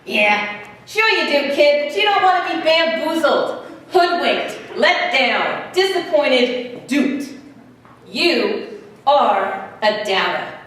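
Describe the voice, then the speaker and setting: A woman putting on the voice of a cynical, streetwise hobo man who needles with drawn-out lists of words, heard in an echoey hall from far off. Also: high voice, very animated, a bit bright, a little hiss or hum, voice pushed up, heavily acted. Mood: skeptical.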